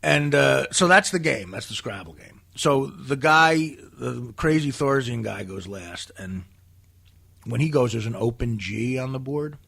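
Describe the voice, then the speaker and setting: Gravelly, husky man telling stories. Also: mid-range voice, lively intonation, measured pace, fairly bright tone. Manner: profane, self-deprecating, laughs often. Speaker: guest. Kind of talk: comic storytelling in a podcast interview.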